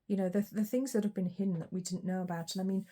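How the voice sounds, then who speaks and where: A woman giving a collective tarot reading, talking in a reflective, unhurried way with frequent ums and pauses. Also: medium pitch, fairly even intonation, warm tone. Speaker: tarot reader.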